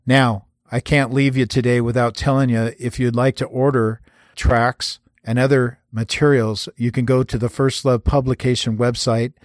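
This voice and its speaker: A man's voice: medium pitch, little pitch movement, moderate pace, no room sound. A man talks in a conversational teaching style that is earnest and plainspoken, mixing practical advice with self-deprecating anecdotes. His mid-range voice sits close to the microphone in a dry, dead room. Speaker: host teaching gospel tract outreach.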